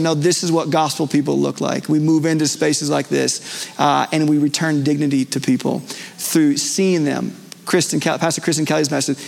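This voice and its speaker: Gravelly male pastor in an echoing church. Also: fairly high pitch. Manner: earnest, conversational, with frequent fillers and restarts. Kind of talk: sermon. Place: church sanctuary, live. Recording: long church hall reverb.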